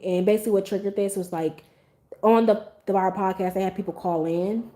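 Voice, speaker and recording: A young adult woman hosting a podcast, talking in a casual, blunt and animated way and swearing freely. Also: on the low side. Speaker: podcast host. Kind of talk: casual opinion monologue.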